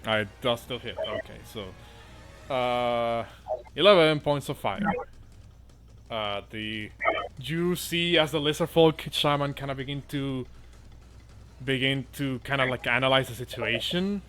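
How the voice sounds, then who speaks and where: Bright-voiced man running a tabletop game. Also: mid-range voice, a little slow, long pauses, soft background music. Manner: casual, swears often, many fillers. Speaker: dungeon master.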